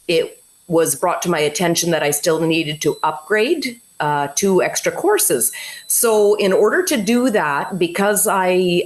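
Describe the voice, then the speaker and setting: A woman's voice: on the low side, rough recording. A woman in her forties, a teacher candidate, sharing her experience in a rambling, chatty way over a video call. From Canada. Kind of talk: casual webinar talk.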